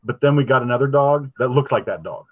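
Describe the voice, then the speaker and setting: A man's voice: mid-range voice, expressive, quick pace, husky, muffled recording. Team captain, man from Ohio, easygoing storyteller. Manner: friendly storyteller, laughs easily. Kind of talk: casual chat over video call.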